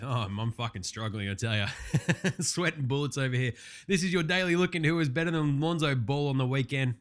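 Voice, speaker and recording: A man hosting a casual sports recap, brash and profane with quick wisecracks. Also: mid-range voice. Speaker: podcast host.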